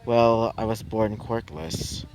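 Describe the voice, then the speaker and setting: Man voicing a timid half-demon boy, hesitant and soft, slow delivery. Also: on the low side, faint music behind, pitched below the performer's own voice, poor audio. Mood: shy. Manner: hesitant, mumbled, soft-spoken. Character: shy quiet half-demon teen boy, lonely.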